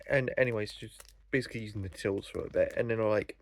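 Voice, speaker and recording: A man's voice: fairly low pitch, very fast. A young man telling a story in a casual vlog, rambling and swearing, full of fillers. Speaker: vlogger.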